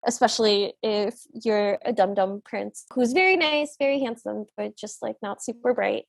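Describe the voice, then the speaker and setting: A woman's voice: fairly high pitch, normal speed, vocal fry, no echo. A woman co-hosting a podcast, animatedly retelling a film scene in casual chat and voicing the characters in passing. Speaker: podcast co-host.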